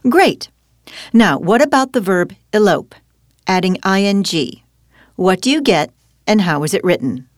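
A woman's voice: medium pitch, sing-song, measured pace, dry recording, studio quality. A woman teaching spelling in a scripted dialogue, guiding her partner patiently with questions. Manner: patient, questioning, guides with prompts. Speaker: language teacher.

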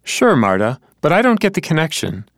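Animated man explaining word examples. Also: fairly high pitch, brisk, no room sound, studio quality. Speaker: co-presenter. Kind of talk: scripted teaching dialogue.

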